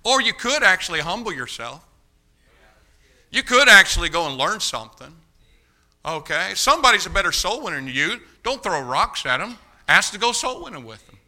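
A man preaching a sermon, telling a folksy story and then urging young people on, shifting from quiet asides to loud exhortation. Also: high-pitched, big pitch swings, moderate pace.

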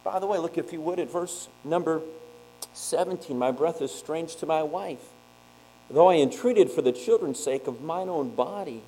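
A man preaching a sermon, reading scripture aloud and explaining it in plain talk, with sharp swings between loud and quiet. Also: fairly high pitch, normal speed, poor audio. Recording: mains hum behind the voice.

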